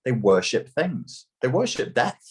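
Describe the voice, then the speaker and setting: A man's voice: mid-range voice, big pitch swings, unhurried. A man as an interview guest, talking emphatically and mockingly, with plenty of swearing. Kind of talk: heated opinionated talk.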